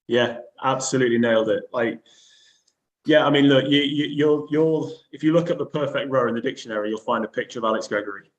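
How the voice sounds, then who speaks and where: A man's voice: mid-range voice, fast talker, dull audio. A man hosting a live interview, enthusiastic and hesitant, with many fillers. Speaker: interviewer, host.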